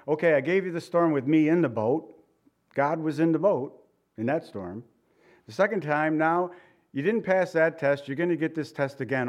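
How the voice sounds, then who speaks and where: A middle-aged male pastor with a somewhat high voice delivers a sermon. He talks to the congregation conversationally and keeps turning to them with rhetorical questions.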